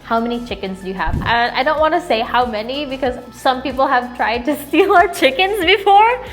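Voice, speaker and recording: A woman's voice: high voice, expressive, moderate pace, faint music behind. A young woman from the Philippines answering viewer questions in a casual, rambling chat, laughing often and getting sentimental.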